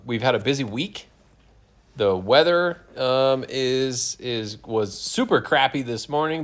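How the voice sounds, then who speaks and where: A man co-hosting a casual podcast, chatty and laughing often. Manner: laughing often, chatty, lively swings in pitch. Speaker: podcast co-host. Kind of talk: casual chat.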